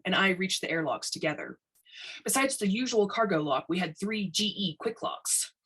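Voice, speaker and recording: A woman reading a science fiction short story aloud, expressive storytelling. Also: on the low side, slightly rough, poor audio. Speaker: story reader.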